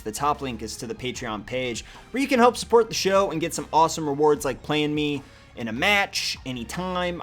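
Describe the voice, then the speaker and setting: A young man giving casual, profane, sarcastic commentary on a card game he is playing, often muttering to himself. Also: mid-range voice. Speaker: gaming video host.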